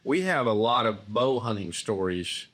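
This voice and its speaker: Low-voiced man telling a hunt story. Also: expressive, unhurried, a bit bright. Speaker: outfitter guest. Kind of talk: casual storytelling.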